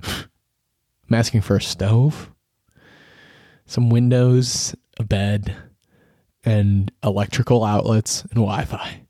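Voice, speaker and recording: A man's voice: fairly low pitch, level tone, takes it slowly, long pauses, warm tone, dry recording, studio quality. A young man in his twenties, hosting a solo podcast from his bedroom office, rambling casually, swearing and mocking himself. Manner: rambling, self-mocking, swears a lot, restarts often. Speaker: podcast host.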